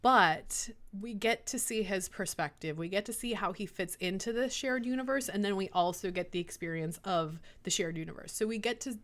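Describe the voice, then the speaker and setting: A woman's voice: medium pitch, normal speed, few pauses, a bit bright. A woman author as a podcast guest, chatting eagerly and emotionally about writing her books. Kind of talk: casual podcast chat.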